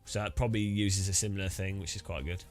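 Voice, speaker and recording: A man's voice: low voice, fairly even intonation, quick pace. British guy rambling casually about sim racing gear, lots of restarts, faint music under it. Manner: rambling, many restarts and laughs. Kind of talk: casual chat while setting up gear.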